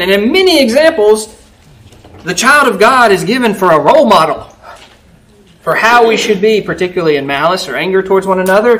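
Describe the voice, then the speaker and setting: Man, preacher, conversational sermon, animated storytelling, asks "right?" often. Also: high voice, low-quality recording.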